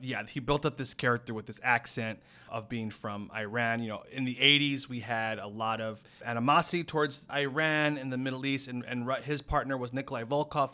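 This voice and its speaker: Brief: male podcast guest, rambling deadpan improv, middle pitch. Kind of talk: improvised comedy podcast chat.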